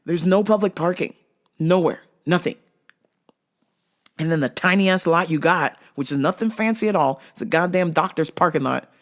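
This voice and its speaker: Speaking at a moderate pace in a lowish voice, a woman hosting a talk show launches into an emphatic, foul-mouthed comic rant. She keeps tossing in "okay?" and laughs as she tells her stories.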